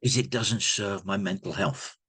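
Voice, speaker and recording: A man's voice: on the low side, normal speed, creaky, fairly bright tone, breathy edge. A man hosting a podcast, talking bluntly and emphatically in a personal monologue. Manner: blunt, emphatic, repeats himself. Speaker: podcast host.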